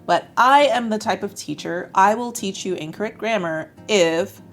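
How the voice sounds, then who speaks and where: A woman's voice: medium pitch, normal speed. A woman with an American accent teaching English to camera in a chatty, upbeat way. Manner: chatty, upbeat, acts out example phrases. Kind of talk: explaining lesson to camera.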